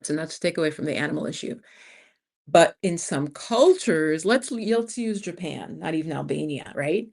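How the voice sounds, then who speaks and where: A woman's voice: deep voice, expressive, moderate pace, vocal fry, a little mellow. A woman in her fifties with a New York accent, hosting a casual livestream and talking frankly to her viewers as "you guys.". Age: 50s. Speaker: channel host.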